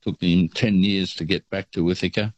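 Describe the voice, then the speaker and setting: A man's voice: low-pitched, steady tone, moderate pace, dry recording. An older Australian man calling in to a radio show, telling a rambling, easygoing travel story. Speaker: caller. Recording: dull lo-fi phone line.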